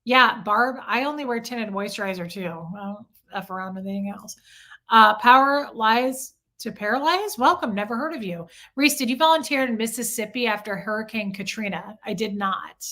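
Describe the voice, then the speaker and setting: Bright-voiced woman hosting a livestream. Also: on the high side, animated, normal speed. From Omaha, United States. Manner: candid and confessional, swears freely. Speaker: livestream host. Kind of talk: casual livestream chat, reading viewer comments.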